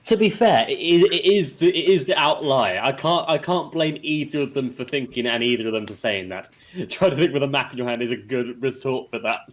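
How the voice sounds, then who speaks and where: A man's voice: medium pitch, moderate pace. A man co-hosting a podcast, joking and swearing in casual chat. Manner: lively, jokey and sweary. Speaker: podcast co-host.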